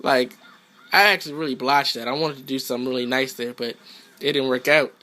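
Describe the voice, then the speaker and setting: A man narrating a video game match he played, in quick, slangy, profane trash-talk. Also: medium pitch, steady tone, bright, forceful tone. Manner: quick, loose storytelling. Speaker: gaming channel host. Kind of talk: casual commentary over gameplay.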